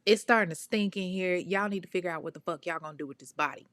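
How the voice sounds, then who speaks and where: A woman doing a crude, domineering man who runs a cult, barking coarse demands. The voice stays fairly low and close to her own, recorded dry and close. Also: fast talker, fairly bright tone, no echo, close to an everyday voice. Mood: contemptuous.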